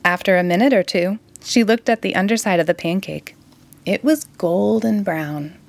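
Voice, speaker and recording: A woman reading a children's picture book aloud in an expressive, sing-song way. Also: medium pitch, normal speed, creaky. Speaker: storytime reader.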